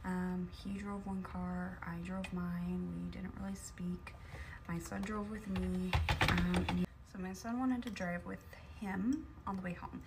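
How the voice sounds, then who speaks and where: A woman calmly recounting a personal story in a matter-of-fact way. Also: fairly low pitch, unhurried, gravelly, heavy background noise. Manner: calm, matter-of-fact retelling.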